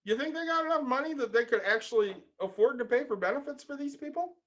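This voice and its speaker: A man co-hosting a casual podcast, explaining his points in a measured way and asking pointed questions. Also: very high-pitched, fairly bright tone, highs cut off. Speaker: podcast co-host. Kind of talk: casual chat.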